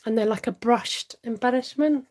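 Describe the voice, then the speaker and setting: On a rough recording, a middle-aged woman with a highish, slightly mellow voice at normal speed talks through a live stamping craft tutorial. She laughs often, stays chatty, and reads viewer comments aloud, answering them as she works.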